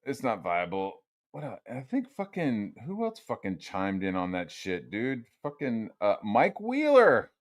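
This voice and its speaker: A man's voice: fairly low pitch, sing-song, unhurried, few pauses. A young man streaming a solo rant, swearing constantly and mocking his critics in a heated, sarcastic way. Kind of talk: profane rant.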